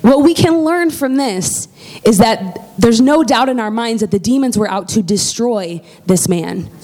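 A woman preaching in a casual, lively storytelling way, often checking in with her listeners. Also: fairly high pitch, unhurried. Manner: lively, conversational, checks in with "okay?".

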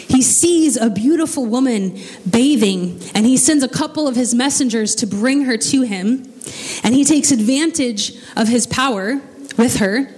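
A woman's voice: on the high side, a little mellow. A woman preacher delivering a sermon, telling the story with casual, joking asides. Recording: long reverb of a large hall.

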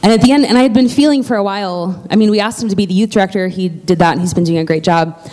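A woman's voice: mid-range voice, rapid-fire, mellow. A woman pastor making church announcements from the pulpit, chatty and heartfelt, with plenty of fillers and restarts.

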